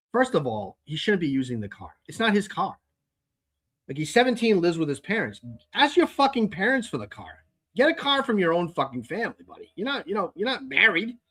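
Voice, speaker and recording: Husky-voiced man ranting in exasperation. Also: high-pitched, fairly bright tone. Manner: exasperated, heavy swearing, repeats himself. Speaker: podcast host. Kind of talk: casual ranting monologue.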